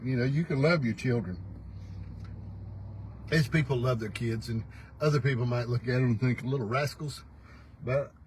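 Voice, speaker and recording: A man's voice: medium pitch, normal speed, long pauses, a little mellow, slight background noise, rough recording. An older man hosting a casual morning livestream, folksy and teasing, laughing often as he talks. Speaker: host. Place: pickup truck.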